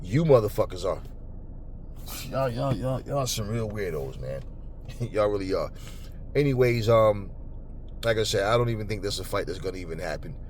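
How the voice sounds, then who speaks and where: A man hosting a boxing talk channel, ranting angrily and profanely at commenters, stumbling over repeated words when worked up, then cooling into calmer talk. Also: normal speed, pauses often, slight background noise. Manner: calmer and lower later on. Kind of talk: angry unscripted rant to camera.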